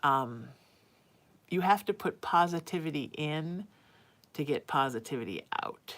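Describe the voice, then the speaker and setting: A woman's voice: sits low, lively intonation, a little slow, fairly bright tone. A woman hosting a live psychic reading stream, talking casually and frankly, and drifting into baby talk with her cat between answers. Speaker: psychic show host.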